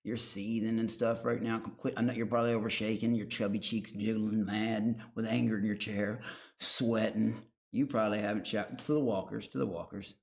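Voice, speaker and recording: A man's voice: lowish voice, flat delivery, moderate pace. A man streaming live and reacting to a show. He rambles, swears heavily and taunts his chat. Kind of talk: casual livestream commentary.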